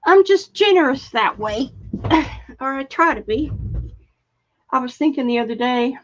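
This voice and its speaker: An older woman chats casually on a live stream in a high, animated voice at a measured pace, greeting viewers by name and trailing off while she hunts for things. The stream audio is dull and lo-fi.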